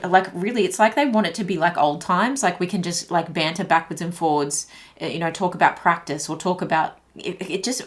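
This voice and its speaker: A woman's voice: lowish voice, fairly bright tone. A woman giving a tarot reading to her viewers, chatty and thinking aloud, with lots of fillers and restarts. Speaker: tarot reader. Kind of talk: intuitive tarot reading to camera.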